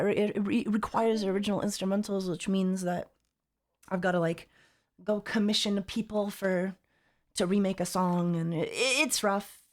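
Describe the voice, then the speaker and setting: A woman's voice: medium pitch, a little mellow. A young adult woman streaming as a VTuber, chatting casually and reading chat aloud in a teasing, playful way.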